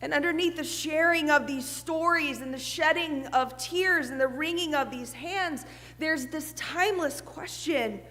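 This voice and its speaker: A woman pastor delivers a sermon in a high, clear voice. Her words ring out with a long reverb through the church sanctuary. She is earnest, poses rhetorical questions and sometimes softens to a near hush. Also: measured pace. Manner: earnest, with rhetorical questions and soft, hushed passages.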